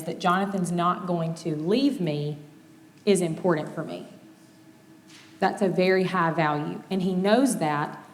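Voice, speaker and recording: A woman in her thirties speaks candidly about marriage, slipping into quick acted-out exchanges to make her points. Her voice sits slightly low, and a long reverb trails each phrase as if she is in a large hall. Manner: candid, animated, acts out quoted exchanges. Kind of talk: conversational teaching talk.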